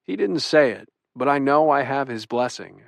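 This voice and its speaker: A man's voice: medium pitch, expressive, normal speed, creaky, no room sound. Wry young man narrating an audiobook. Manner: wry, comic, self-deprecating storytelling. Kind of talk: first-person romance audiobook narration. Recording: dry studio booth.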